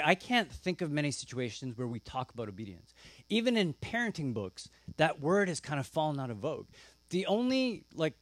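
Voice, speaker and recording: A man preaching a sermon, telling the story with lively asides and acting out the characters. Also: medium pitch, dry recording. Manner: animated storytelling, acts out characters with gasps and asides. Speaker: pastor.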